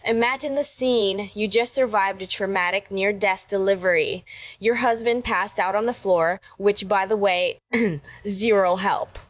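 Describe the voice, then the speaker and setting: A woman's voice: mid-range voice, measured pace, no echo. Wry woman giving scripted reaction commentary. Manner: wry, sarcastic.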